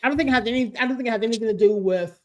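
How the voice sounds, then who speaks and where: A woman's voice: on the high side, rapid-fire, a crowd in the background. Co-host, woman, playful casual banter, stammers and jokes. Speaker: podcast co-host. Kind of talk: casual chat reacting to wrestling.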